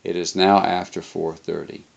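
A man's voice: sits low, level tone, moderate pace, gravelly, dull audio, heavily acted. A man voicing a nervous, weary ship's engineer who speaks fretfully in a storybook reading.

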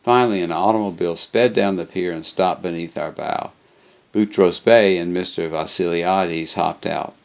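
A man reading a first-person travel memoir aloud, unhurried, with occasional slips and self-corrections. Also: sits low, gravelly.

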